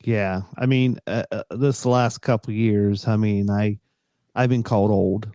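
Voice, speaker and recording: A man's voice: lowish voice, fairly even intonation, a little slow, dark tone, smooth, dry recording. A middle-aged man co-hosting a casual chat show, rambling with many fillers and restarts. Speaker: podcast co-host.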